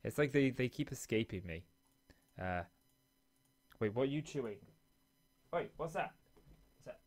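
In a small home office, a man who is a father of a school-age daughter hosts a let's play, chatting casually and rambling with self-mocking asides while playing and commenting on a game. His voice is mid-range with lively intonation and a slightly slow pace.

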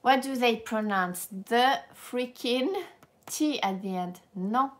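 A woman with a French accent teaching a live language lesson in a playful, animated way, laughing often and slipping into French. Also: fairly high pitch, takes it slowly.

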